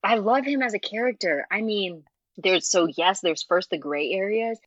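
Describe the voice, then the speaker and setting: A woman's voice: medium pitch, normal speed, no room sound. Woman guest gushing in casual chat, laughs a lot, dull lo-fi sound, dry close mic. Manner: animated, laughs often, lots of filler words. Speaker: interview guest, fanfiction writer. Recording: muffled lo-fi audio.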